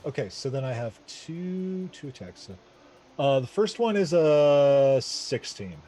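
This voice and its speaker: A man playing a tabletop game, talking slowly and hesitantly with many fillers. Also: on the high side, very animated, warm tone, slight background noise. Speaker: player. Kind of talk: tabletop game play, casual.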